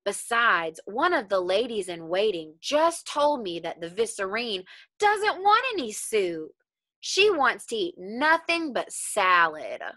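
A woman's voice: medium pitch, very animated, slow pace, bright, forceful tone, no echo, exaggerated voice. A woman reading aloud as an angry palace cook who is sick of the trouble a chicken has caused. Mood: indignant. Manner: exasperated, complaining.

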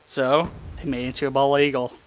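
Speaking at a brisk clip with a medium pitch that barely moves, this young gaming host talks over his gameplay from a room in his house. He rambles, curses and mocks himself, captured on a face cam desk mic.

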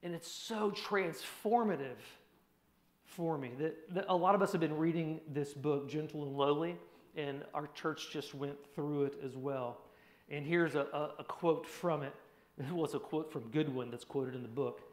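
A man preaching a personal testimony sermon in an earnest voice, dropping to a hushed tone at heavy moments. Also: on the high side, moderate pace. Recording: echoey hall.

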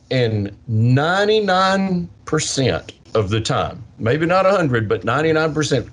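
Older man, science educator, animated storyteller, mimics kids. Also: medium pitch, normal speed. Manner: animated, acts out kids' voices. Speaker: science educator with a portable planetarium. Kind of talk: interview answer, storytelling.

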